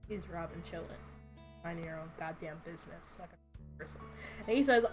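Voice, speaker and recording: A woman hosting a casual stream, talking through her comic and acting out the characters' lines in quick, animated bursts. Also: faint music behind. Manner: animated, puts on squeaky character voices when quoting.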